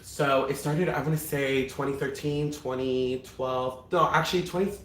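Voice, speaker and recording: A young man, a drag performer, chatting casually as a guest, his voice raspy and hoarse from a cough, with a campy, playful manner. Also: mid-range voice, steady tone, normal speed, a bit bright, slight background noise. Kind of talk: casual chat. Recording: echoey room.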